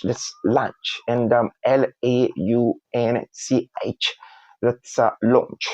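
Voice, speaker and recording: A man teaching a phonics lesson, spelling out letters one by one and repeating each word slowly. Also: mid-range voice, steady tone, a little mellow, dry recording, highs cut off.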